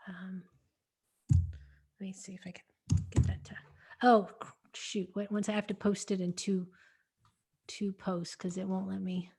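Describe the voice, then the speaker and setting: A woman's voice: fairly low pitch, mellow, slightly rough. A woman hosting an online webinar in casual chat, chatty and easygoing, trailing off as she fiddles with posts. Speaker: webinar host.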